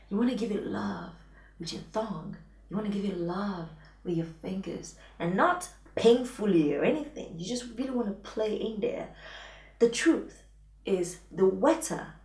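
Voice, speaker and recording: A woman's voice: medium pitch, a little mellow. A woman giving frank, playful intimacy advice as a coach, often dropping into a whisper. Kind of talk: advice vlog talking to camera. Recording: echoey room, voice distant from mic.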